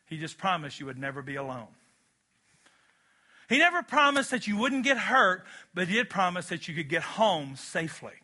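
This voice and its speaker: A man preaching with a high, very bright and ringing voice. He is emphatic and animated, and he acts out little scenes as he goes. The delivery is a full sermon. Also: moderate pace. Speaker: pastor.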